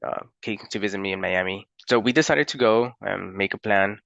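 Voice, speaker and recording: A young man from Florida telling a personal story in a halting, unhurried way with many pauses and fillers. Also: on the low side, creaky, fairly bright tone, no echo, dull audio.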